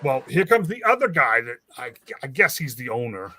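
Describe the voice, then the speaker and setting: A man with a medium-pitched voice speaks at normal speed, hosting a casual chat. He tells a rambling, animated story and acts out the quoted dialogue.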